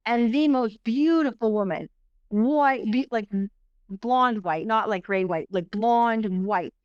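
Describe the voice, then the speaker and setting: Animated, rambling middle-aged woman storyteller. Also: a little high, takes it slowly, clear, resonant tone, dry recording, muffled recording. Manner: animated, rambling, full of restarts and "like". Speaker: podcast guest. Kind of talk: personal storytelling in a conversation.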